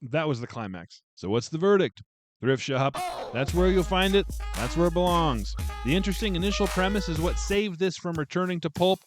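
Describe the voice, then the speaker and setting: A man's voice: on the high side, lively intonation, normal speed, over music. A man hosting his own book review channel, delivering a scripted, wry and mocking critique.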